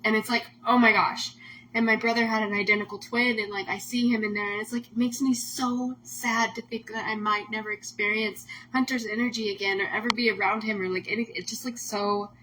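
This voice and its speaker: A woman's voice: on the high side, fairly even intonation, fairly quick, pushed and bright, slight background noise, poor audio. A woman host talking casually on a livestream, emotional and rambling, full of "like" fillers. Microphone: phone or webcam on a livestream.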